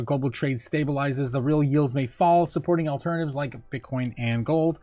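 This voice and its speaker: Chatty crypto stream host, higher-pitched man. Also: a little mellow, dry recording. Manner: chatty, frequent fillers and laughing asides. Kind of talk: casual livestream news and chat.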